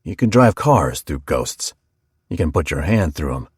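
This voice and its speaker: A man voicing a blunt, cursing small-town male barber with a grinding, gravelly voice. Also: a bass voice, very animated, measured pace, a little mellow, no room sound, studio quality, pitched below the performer's own voice, full character voice. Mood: grumbling. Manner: blunt, swearing.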